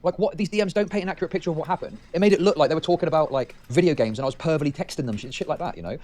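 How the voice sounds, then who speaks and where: A man's voice: on the high side, very fast, a little mellow. A man streaming heated reaction commentary, angry and profane, hammering the same points over and over. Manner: angry, profane, emphatic repetition.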